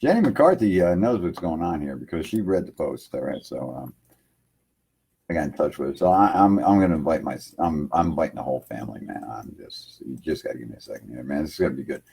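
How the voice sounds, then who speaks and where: A man's voice: extremely low pitch, expressive, quick pace, creaky, dark tone, husky. A man hosting an internet radio livestream, rambling loosely in casual chat from his home computer setup and filling lines with "man".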